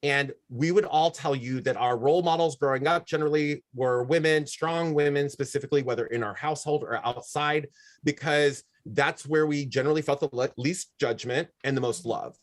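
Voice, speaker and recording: A man as a guest in a casual interview, talking in long, animated, reflective stretches. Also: a little high, normal speed. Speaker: guest, wrestling manager and drag performer.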